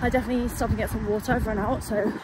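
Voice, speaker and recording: A young woman talks into her camera as she runs, her voice a little high and breathless with effort. She pushes herself on and swears. Street sounds come through clearly behind her. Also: level tone, very fast, heavy background noise. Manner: breathless, emotional self-encouragement, frequent swearing. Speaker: fitness vlogger. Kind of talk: casual vlog while running. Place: outdoors on roads.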